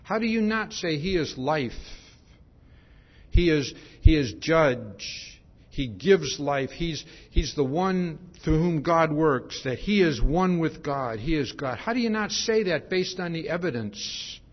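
A man with a slightly high, expressive voice preaches slowly through a verse-by-verse expository sermon. He often caps points with "see?" and repeats and restarts his phrases. The recording is dull and lo-fi.

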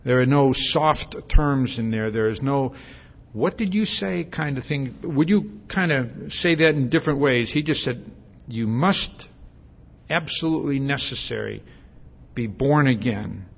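Male preacher, unhurried and chatty, stops to ask the congregation questions; muffled lo-fi recording. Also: medium pitch. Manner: conversational, with many fillers and restarts. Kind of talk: sermon.

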